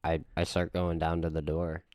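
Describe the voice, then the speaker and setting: A man playing a character in a tabletop game who grows emphatic and loud when in character. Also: sits low, completely flat delivery, moderate pace, no echo, studio quality. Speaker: player.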